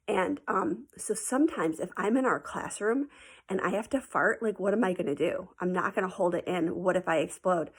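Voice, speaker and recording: A woman's voice: mid-range voice, breathy edge. A woman teacher telling her students a playful story in a chatty, casual recorded message, sometimes dropping into a whisper.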